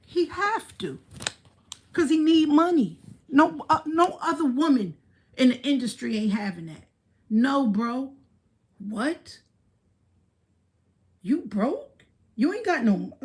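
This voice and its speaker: A woman talks straight to her livestream viewers in a blunt, boastful rant. Her voice sits a little high. She speaks slowly and deliberately and swears freely as she holds forth. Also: a little mellow. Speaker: livestream host.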